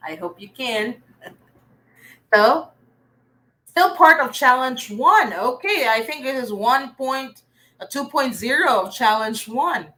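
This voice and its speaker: A young Filipino woman teaching a live online reading lesson, warmly praising her viewers as they answer. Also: fairly high pitch, slight background noise. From Philippines. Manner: encouraging, lively, praising viewers often.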